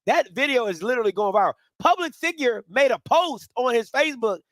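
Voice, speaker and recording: A high, lively man chatting casually about sports as co-host. His pitch swings widely as he tells stories, repeats lines and laughs. The sound is close and dry. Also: fairly quick, no echo. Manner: animated, laughing, repeats himself. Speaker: podcast co-host.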